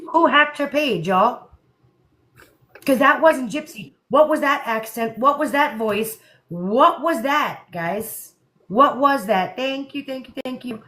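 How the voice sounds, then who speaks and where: A woman's voice: high-pitched, animated, slow, fairly bright tone, rough recording. A woman hosting a live stream, chatting casually and speaking her mind. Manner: outspoken, chatty.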